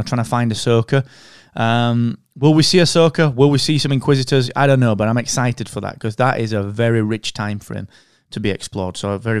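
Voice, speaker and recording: A man's voice: mid-range voice, smooth, no room sound, clean studio sound. A man co-hosting a podcast in casual chat, enthusiastic and friendly, calling his co-host mate and dude.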